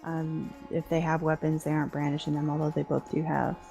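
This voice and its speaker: Woman DM, low gravelly voice, laid-back narration with a soft music bed. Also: little pitch movement, a little fast. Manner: laid-back, lots of filler and laughter. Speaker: dungeon master. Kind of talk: narrating a tabletop game.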